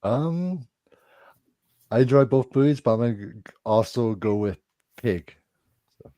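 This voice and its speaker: A man giving his picks as a panelist, measured and opening with hesitations. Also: mid-range voice, expressive, mellow, dry recording. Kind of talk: casual group chat.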